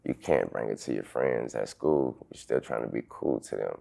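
A man in his thirties, an interview guest telling a painful personal story in halting sentences full of restarts. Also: very deep voice, expressive, creaky. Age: 30s. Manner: halting, restarts sentences, loud when quoting others.

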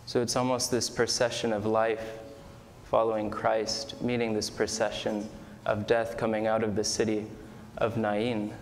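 A man's voice: fairly low pitch, completely flat delivery, unhurried, long reverb tail. A man preaching a sermon in a church, earnestly retelling a story with quoted speech. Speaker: pastor.

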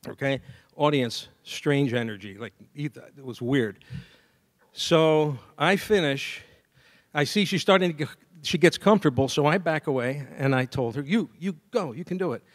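A man giving a graduation speech as a saxophonist, telling a story lively and scatting melodies. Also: fairly high pitch, a little slow. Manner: lively storyteller who scats melodies and acts out dialogue. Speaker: commencement speaker and saxophonist. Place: university degree ceremony.

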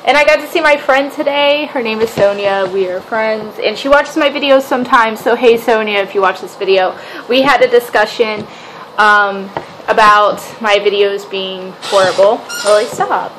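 A woman's voice: medium pitch, normal speed, fairly bright tone, a little hiss or hum. A woman and mother chatting casually to her camera in a rambling, self-mocking daily vlog, talking to a camera set down a short distance away. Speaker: vlogger and mother.

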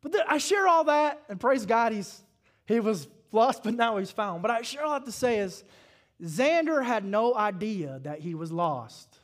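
A man with a Southern US accent preaching a sermon at a church service, telling folksy stories and building up to shouted calls to his congregation. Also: high-pitched, animated, unhurried. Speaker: pastor.

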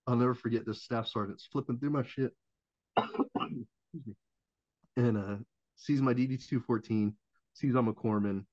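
A man's voice: fairly low pitch, darkish tone, no echo. A man in his thirties, a Marine veteran and former corpsman, telling a story as a podcast guest in a loose, profane way, acting out the people he quotes and laughing often. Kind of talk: casual storytelling. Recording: dull dry lo-fi sound.

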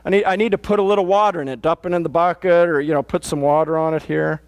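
A man's voice: on the high side, fairly even intonation, fast talker. A pastor delivering a conversational sermon in a plain-spoken, matter-of-fact way, often restarting his sentences. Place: church.

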